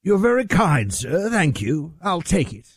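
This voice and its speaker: Talk radio co-host, higher voice, wry joking delivery. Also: male voice, sing-song, measured pace, husky, no room sound, studio quality.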